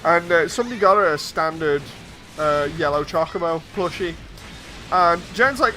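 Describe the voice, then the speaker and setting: A man's voice: fairly high pitch, lively intonation, normal speed, pushed and bright, faint music behind. A man streaming, telling amused anecdotes in casual chat and chuckling often.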